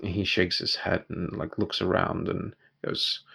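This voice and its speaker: A man's voice: sits low, flat delivery, unhurried, gravelly, few pauses, bright, forceful tone, husky. A man narrating as game master of a tabletop game, describing scenes in a loose, conversational way.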